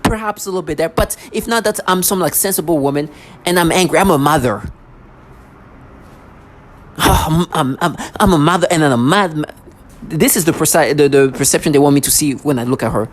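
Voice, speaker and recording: A woman's voice: low voice, fairly quick. Woman vlogger, heated rant to camera, sarcastic asides, lots of stumbles and restarts. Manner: agitated, repetitive, stumbling restarts. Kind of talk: ranting monologue to camera.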